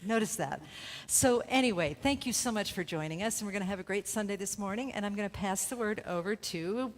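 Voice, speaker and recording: A woman minister welcoming a church congregation in quick, chatty speech. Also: mid-range voice, big-room sound. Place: church service.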